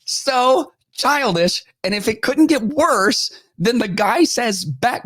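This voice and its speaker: This podcast host speaks slowly in a very high-pitched voice, with no room sound at all. He's animated and mocking in his casual commentary, acting out the quotes he retells.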